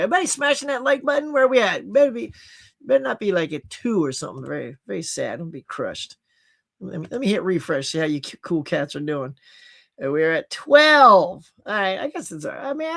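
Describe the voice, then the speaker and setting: A man hosting a casual livestream from his home setup, chatting about new movie releases in an animated way and laughing at himself. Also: on the high side, creaky. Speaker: livestream host. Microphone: computer with HD webcam.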